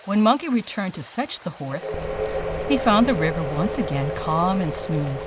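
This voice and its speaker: A storyteller giving a dramatic, expressive storybook narration. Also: medium pitch, moderate pace, noisy background. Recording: distant voice over loud music.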